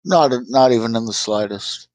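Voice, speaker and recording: A man chatting on a podcast, animated, retelling scenes and swearing a lot. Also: medium pitch, normal speed, dry recording, low-quality recording. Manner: animated storyteller, swears a lot, acts out characters' lines. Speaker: podcast co-host. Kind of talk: casual review chat.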